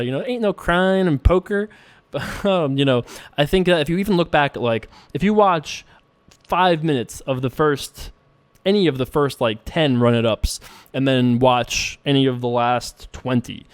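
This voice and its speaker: Smooth-voiced man, rambling poker host. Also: mid-range voice, no room sound. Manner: rambling and playful, many fillers, frequent self-laughing asides. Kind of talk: casual commentary while playing online poker.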